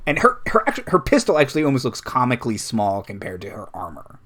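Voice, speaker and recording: A man's voice: medium pitch, wildly swooping pitch, quick pace, a bit bright. A man running a tabletop game as game master, describing scenes with lots of fillers.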